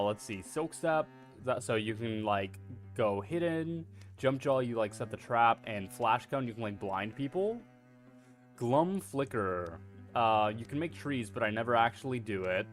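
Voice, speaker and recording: A man streaming a video game, chatting casually in a rambling, self-deprecating way and swearing freely. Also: medium pitch. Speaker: VTuber streamer.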